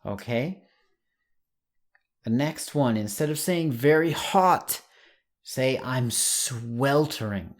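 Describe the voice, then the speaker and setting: A man teaching an English lesson online, saying example words slowly and clearly. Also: on the high side, expressive.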